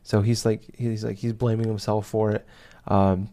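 A young man with a lowish voice tells a story in a casual podcast chat. He rambles, with lots of halting restarts and fillers. It sounds like an easygoing, unscripted talk between friends. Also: little pitch movement, mellow.

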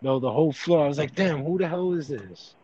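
A man in casual podcast chat, giving relaxed, laid-back reactions. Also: a little high, brisk, highs cut off, slight background noise. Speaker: podcast co-host.

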